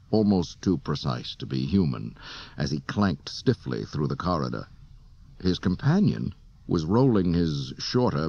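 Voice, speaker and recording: Man narrating, deep voice, animated delivery, dull dry cassette sound. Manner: lively, dramatic storytelling. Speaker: audiobook narrator. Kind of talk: scripted narration.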